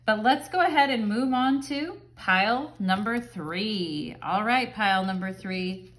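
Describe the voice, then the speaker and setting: A woman's voice: mid-range voice, lively intonation, unhurried, fairly bright tone. A woman giving a casual pick-a-card tarot reading at home, chatting and rambling with lots of fillers. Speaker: tarot reader.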